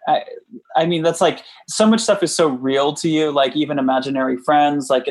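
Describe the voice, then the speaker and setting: A man's voice: mid-range voice, low-quality recording. A man hosting a podcast, chatting casually with a caller and rambling through his thoughts. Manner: chatty, many fillers and restarts. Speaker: podcast host. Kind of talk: casual chat.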